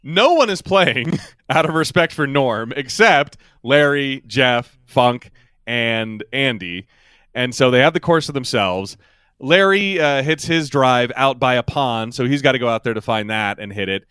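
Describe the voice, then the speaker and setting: A man's voice: mid-range voice, expressive, a little slow, a bit bright, smooth, no room sound, studio quality. A man co-hosting a podcast, recapping an episode in casual chat, rambling through asides and laughing often. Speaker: podcast co-host.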